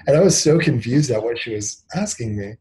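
A man's voice: medium pitch, lively intonation, fairly quick, mellow, poor audio. Candid thirties man telling a story. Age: 30s. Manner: candid, filler-heavy, acts out quoted dialogue. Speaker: interview guest, company founder. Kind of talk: conversational storytelling interview.

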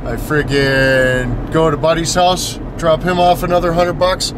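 Young man, crude slangy vlog banter, fairly high voice, car noise behind. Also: level tone, a little slow. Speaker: vlogger. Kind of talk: rambling casual storytelling. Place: in a vehicle on the road.

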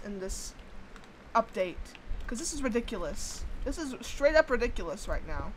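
A young woman talks through her game in a high, very animated voice. She chats, exclaims and swears casually at what happens on screen. Faint noise sits behind her. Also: fairly quick, rough recording. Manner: chatty, exclaims at the game, swears when annoyed. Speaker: gaming YouTuber. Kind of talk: casual let's-play commentary.

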